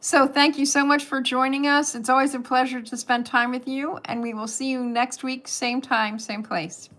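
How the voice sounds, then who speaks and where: A woman's voice: high voice, flat delivery, normal speed, a bit bright. An older woman from California hosting a casual livestream, chatting in a rambling way and laughing often, into a webcam. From California, USA. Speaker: host of a livestream.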